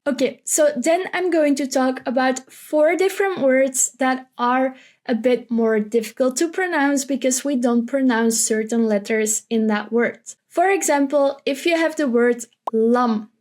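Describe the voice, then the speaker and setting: Slow-paced woman teaching vocabulary. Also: high-pitched, a little mellow. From Belgium. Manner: repeats words slowly and clearly for learners. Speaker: Dutch language teacher. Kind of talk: vocabulary lesson, slow and careful.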